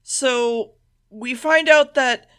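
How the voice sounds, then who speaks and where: A woman co-hosting a podcast, recapping an episode in loose casual chat with swearing and quick character asides. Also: high voice, pushed and bright, clear, resonant tone. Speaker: podcast co-host.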